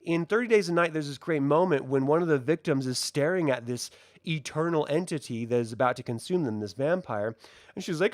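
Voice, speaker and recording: A male reviewer talks through a film with real passion, and his voice swings widely up and down as he gets into it. His pitch sits a little higher than most men's. The sound is dry and close, with no room echo. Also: brisk. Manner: animated and passionate, with frequent fillers. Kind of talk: casual spoken film review answering viewer questions.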